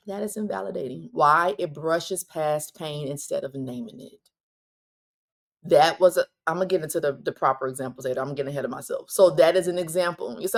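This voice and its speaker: A woman with a fairly low voice hosts a solo parenting podcast. She speaks directly and bluntly to her listeners, dropping quick asides and restarting sentences.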